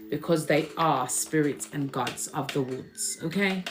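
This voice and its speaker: A woman's voice: low voice, measured pace, hardly any pauses, background noise. A woman doing a casual, chatty spiritual card reading, often repeating phrases she says she hears from spirit.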